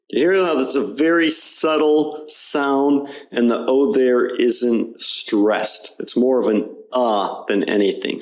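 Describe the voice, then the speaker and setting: A man teaching English pronunciation, explaining patiently and over-enunciating words for learners to repeat. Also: mid-range voice. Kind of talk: slow, clear pronunciation lesson.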